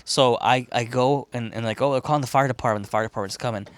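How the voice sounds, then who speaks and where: A man's voice: medium pitch, quick pace, clear, resonant tone, dry recording. Profane storytelling man, dry close sound. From Chicago. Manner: profane, rambling, animated retelling with quoted voices. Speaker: podcast host. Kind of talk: casual storytelling.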